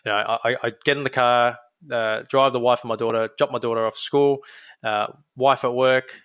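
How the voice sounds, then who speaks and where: This podiatrist guest, a young adult Australian man, talks briskly with a smooth, medium-pitched voice and no room sound. The interview is casual and energetic, with frequent restarts.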